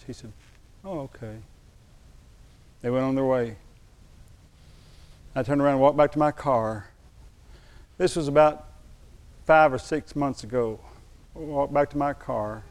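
An older man preaching a sermon, telling a personal story, slowing for emphasis and dropping to a quiet, moved tone. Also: medium pitch. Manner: storytelling, slows down for emphasis, drops to a hushed tone when moved. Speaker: pastor.

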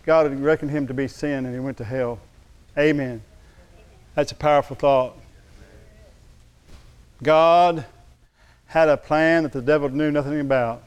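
Clear-voiced male pastor preaching emphatically. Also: a little high, fairly even intonation, measured pace, long pauses. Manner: emphatic, calls on the congregation to respond. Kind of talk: sermon.

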